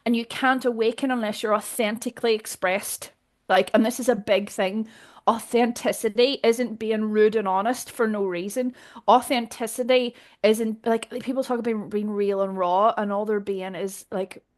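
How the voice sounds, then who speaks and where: A Northern Irish woman, a guest in a casual conversation, talking in a direct, animated way and often laughing. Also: mid-range voice, moderate pace. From Northern Ireland.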